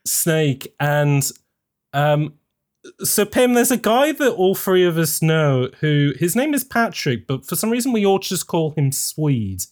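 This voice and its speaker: A male podcast host with a fairly high, very lively voice that swoops up and down. He talks in a casual, rambling way, packed with fillers and self-corrections, and sounds animated. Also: a little slow.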